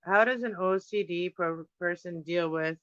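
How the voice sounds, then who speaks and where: Painting on camera during a livestream from home, this man rambles casually in a fairly high, bright, smooth voice, thinking aloud and wandering between subjects with plenty of fillers. He speaks unhurriedly. The audio is dry and close, with a dull, lo-fi stream quality.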